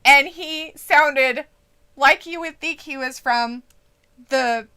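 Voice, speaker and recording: A woman's voice: sits high, slow, sharp tone. A woman from Idaho co-hosting a wrestling watch-along stream, chatting casually, reading out the live chat and laughing often.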